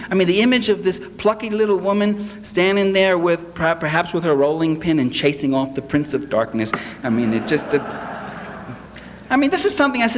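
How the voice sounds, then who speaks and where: Man, sarcastic public speaker, fairly high voice, live lecture in a reverberant hall. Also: a little fast. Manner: sarcastic, animated, mocks quotes. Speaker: political lecturer. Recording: echoey hall, faint hiss.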